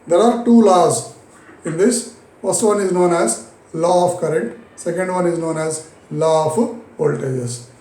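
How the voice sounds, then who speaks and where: A man with an Indian English accent teaching a physics lesson, repeating key phrases slowly and answering his own questions. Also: a little high, warm tone, reverberant, poor audio. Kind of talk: recorded classroom lesson.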